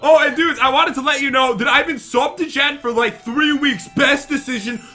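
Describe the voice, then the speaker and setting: A man co-hosting a game video, joking excitably and laughing a lot. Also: very high-pitched, normal speed. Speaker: co-host of a gaming video. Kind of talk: casual let's-play chat.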